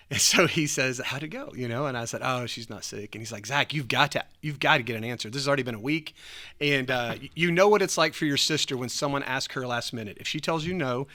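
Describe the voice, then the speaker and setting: A man telling a story in a casual chat, animated, laughing often and acting out what people said. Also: mid-range voice, a little fast. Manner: animated, acts out quoted voices, laughs often. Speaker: church podcast host.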